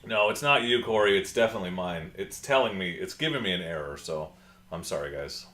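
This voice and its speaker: A man's voice: sits low, animated, a little fast, fairly bright tone, roomy sound. A man hosting a casual livestream, chatting and answering viewer comments from his home computer. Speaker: livestream host.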